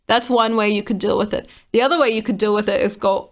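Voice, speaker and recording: A woman's voice: medium pitch, steady tone, quick pace. A woman giving casual, exasperated commentary while reading out online comments, often laughing.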